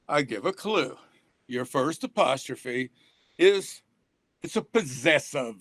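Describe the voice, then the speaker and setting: A man's voice: a little high, fairly bright tone, no room sound. An older man, co-hosting a casual webinar about reading in a folksy, joking way and laughing often. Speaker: reading program author and co-host.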